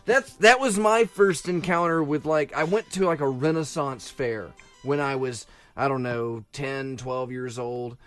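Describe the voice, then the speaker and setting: A man's voice: medium pitch, measured pace, hardly any pauses, a bit bright, soft background music. A man co-hosting a casual comedy podcast, telling a long rambling story and slipping into silly voices. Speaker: podcast co-host.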